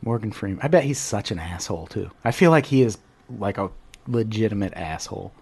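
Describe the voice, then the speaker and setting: A man's voice: fairly low pitch, animated, brisk, vocal fry, darkish tone, husky. A man co-hosting a podcast in casual chat, earnest and profane. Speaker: podcast co-host.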